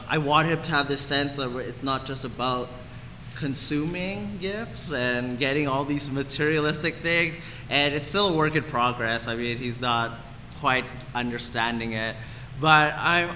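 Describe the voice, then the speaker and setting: A man's voice: on the high side, bright, forceful tone, big-room sound, slight background noise. A man in his thirties giving a casual, rambling sermon at a church, full of fillers, on a handheld mic. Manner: chatty, rambling, full of likes and ums. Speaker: guest preacher. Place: church hall.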